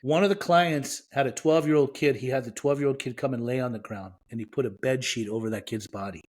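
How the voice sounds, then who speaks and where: A man's voice: mid-range voice, fairly quick. A middle-aged man from Iran, a podcast guest, telling a personal story with feeling and acting out the dialogue. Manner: emotional, vivid retelling with quoted dialogue.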